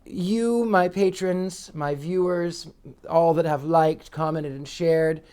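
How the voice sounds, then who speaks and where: A man's voice: on the high side, takes it slowly, smooth. A man hosting his own psychic channel, telling a casual story in a chatty, rambling way with many restarts. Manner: animated, acts out quoted voices.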